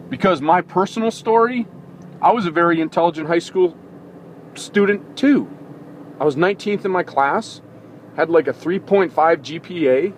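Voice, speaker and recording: A man's voice: a little high, slight background noise. A man hosting a sports talk show, giving an impassioned opinion monologue full of indignant rhetorical questions, recorded in a vehicle.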